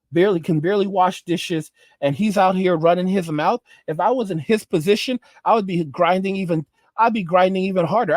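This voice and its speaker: Exasperated man lecturing, fairly high voice. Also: darkish tone, dry recording. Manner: exasperated, lecturing, repetitive restarts. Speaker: commentary channel host. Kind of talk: ranting video commentary.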